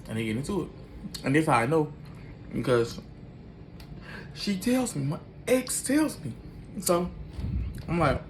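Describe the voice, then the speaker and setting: A man's voice: mid-range voice, animated, normal speed, pauses often, slight background noise. A man animatedly telling a personal story in loose, slangy talk, acting out every line of the dialogue himself.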